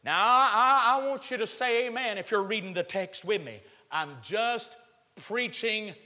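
A man preaching with a high, bright voice that rings through a large church hall with long reverb. He drops to a low murmur, then builds to shouted, drawn-out lines. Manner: stretches words for emphasis. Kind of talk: sermon.

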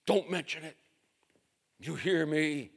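A man's voice: a little high, fairly even intonation, a little slow. A man voicing a stern, stubborn working father who refuses his son firmly. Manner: stern and forceful. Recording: reverberant hall.

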